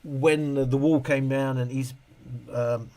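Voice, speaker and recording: A middle-aged man hosts a casual live stream, reading out viewer comments and answering in a rambling way, interrupting himself and restarting often. His voice is medium in pitch and a little mellow, with fairly even intonation and a measured pace.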